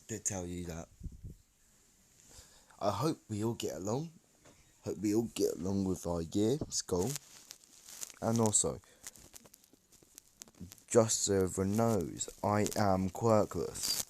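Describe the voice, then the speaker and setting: A man voicing an earnest, shy teenage boy inventor hero in a fan story, with halting, plain delivery. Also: sits low, expressive, a little mellow, full character voice.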